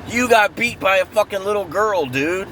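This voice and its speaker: A man's voice: sits high, animated, moderate pace, pushed and bright. A man in an angry, profane true-crime rant, heated and repetitive, recorded outdoors near traffic. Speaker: vlogger.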